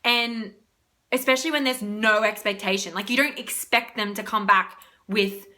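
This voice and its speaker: A woman's voice: medium pitch, fairly even intonation, normal speed, sharp tone. A young woman, talking in a casual, rambling motivational vlog as a spiritual reader, often laughing.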